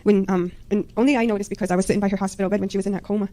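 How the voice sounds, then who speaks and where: A woman rushes through a personal faith testimony in a mellow, fairly monotone voice. She sounds hesitant and keeps filling gaps with "you know" and "um". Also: mid-range voice. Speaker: mother giving a testimony.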